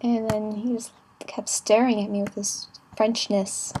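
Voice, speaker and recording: A young woman chatting casually in a travel vlog, giggly and playful with quick asides. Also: medium pitch, level tone, noisy background. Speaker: vlogger.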